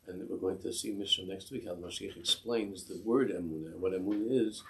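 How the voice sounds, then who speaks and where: A man's voice: sits low, brisk, noisy background. A man teaching a class, telling a Hasidic story with animation and acting out the voices of the people in it. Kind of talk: storytelling sermon.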